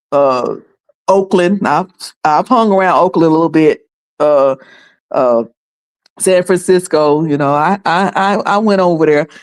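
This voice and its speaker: Chatty woman in her fifties. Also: lowish voice. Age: 50s. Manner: chatty, laughs often, many restarts. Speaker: commentary channel host. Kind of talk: casual commentary.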